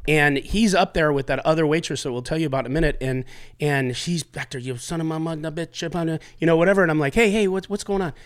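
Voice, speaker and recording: A man hosts a podcast and tells a long restaurant story in loose casual chat. He rambles, restarts his sentences and acts out what other people said. His voice sits a little high for a man. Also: fast, clean tone. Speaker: podcast host.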